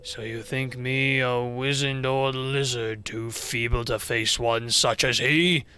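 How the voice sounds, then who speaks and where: A streamer voicing a proud, bitter ancient dragon in slow, grave, archaic speech. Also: mid-range voice, steady tone, sharp tone, a little hiss or hum, pitched below the performer's own voice. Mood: grave scorn.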